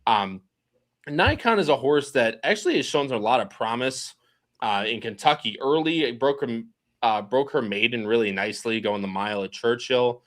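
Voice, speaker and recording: A man hosting a casual racing podcast, chatty and quick to laugh as he reads out the live chat. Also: mid-range voice, animated, fairly bright tone. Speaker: podcast host.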